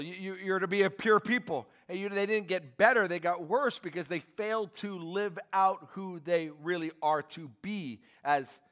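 Emphatic man preaching a sermon. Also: high voice. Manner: animated, emphatic, rhetorical questions to the congregation. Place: church service.

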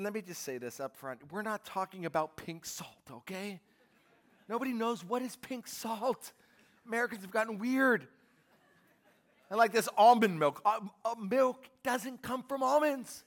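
A man preaching a sermon in a very high, bright, ringing voice. He is emphatic and keeps calling out to the congregation for answers. He moves between quiet, offhand asides and shouted declarations. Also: normal speed. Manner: emphatic, calls out to the congregation for responses. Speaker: pastor.

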